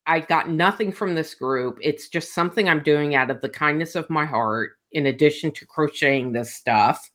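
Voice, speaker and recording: An older woman chatting casually and telling stories, bluntly and with swearing, acting out the people she quotes. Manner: animated, acts out quoted people with big pitch jumps, blunt and profane. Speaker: storyteller in a casual chat. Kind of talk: casual chat, telling anecdotes.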